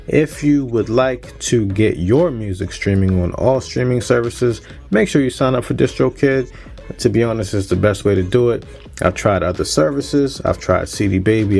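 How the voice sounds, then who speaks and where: A fairly low-voiced man in his thirties talks through a casual unboxing vlog. He sounds upbeat and conversational, with a producer's easy chatter. Faint music plays quietly underneath. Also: vocal fry. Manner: upbeat, chatty, plugs his channel and sponsor. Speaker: music producer and channel host.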